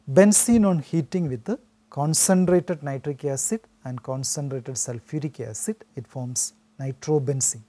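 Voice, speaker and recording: The speaker is a male chemistry teacher from India, his voice dark-toned yet a little high. Giving a recorded classroom lecture, he explains at a steady pace with frequent "so" restarts.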